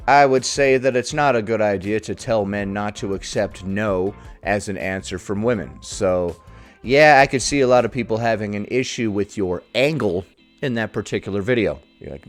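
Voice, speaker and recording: A man's voice: lowish voice, normal speed, soft background music. A man hosting a reaction video, giving casual, sarcastic, mocking commentary on a clip.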